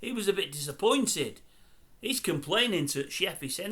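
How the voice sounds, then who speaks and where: A man's voice: high-pitched, expressive, moderate pace, a bit bright. An older man grumbling and mocking in a chatty celebrity commentary video. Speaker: YouTube commentator.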